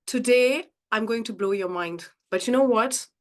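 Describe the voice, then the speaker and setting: Woman, mindset coach hosting a live session, slightly higher voice, gushing and repetitive, talks straight to her audience. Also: moderate pace. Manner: effusive and warm, repeats phrases for emphasis; addresses the audience directly as guys. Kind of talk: live-streamed coaching talk.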